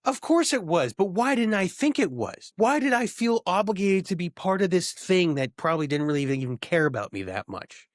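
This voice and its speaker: A young adult man co-hosting a podcast, chatting casually and ranting in a jokey way, his pitch jumping up when he gets worked up. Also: brisk, few pauses, dry recording, studio quality. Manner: animated, jokey, rants with rising pitch. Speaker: podcast co-host. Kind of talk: casual banter.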